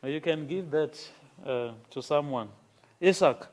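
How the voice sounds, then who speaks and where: A man lecturing a class on grammar, speaking slowly and checking in with "okay?" after his points. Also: a little high. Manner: slow, repeats words and checks in with "okay?".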